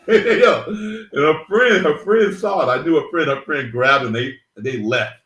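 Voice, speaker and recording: A man talks in casual chat with a lively, swooping voice and acts out the lines of the people in his story. He laughs often as he goes. The room around him gives an echo. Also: a little high, measured pace, a little hiss or hum. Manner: animated storytelling, laughing, acting out quotes. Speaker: podcast co-host.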